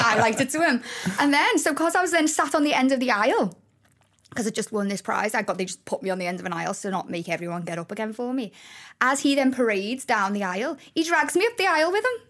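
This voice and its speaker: A woman's voice: fairly high pitch, fast talker. Laughing Scouse woman telling stories. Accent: Liverpool (Scouse). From Liverpool, England. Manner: lively, laughs often, acts out quotes. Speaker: guest. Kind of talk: casual storytelling chat.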